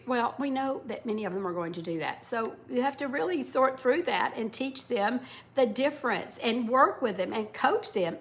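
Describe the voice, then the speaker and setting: Woman, middle-aged parenting educator, slightly high voice, explanatory lesson tone. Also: a bit bright, a little hiss or hum. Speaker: parenting educator, former English teacher. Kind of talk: instructional talk to parents.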